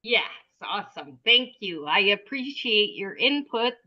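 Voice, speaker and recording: A woman's voice: mid-range voice, lively intonation, a little slow, highs cut off. A woman hosting a casual group discussion over a video call, asking questions in a polite, appreciative, slightly hesitant way.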